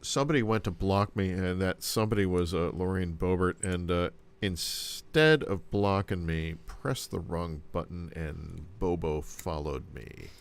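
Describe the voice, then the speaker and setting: A man's voice: deep voice, measured pace, gravelly, few pauses, smooth. A man co-hosting a political podcast, chatting casually with wry, mocking banter. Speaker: podcast co-host.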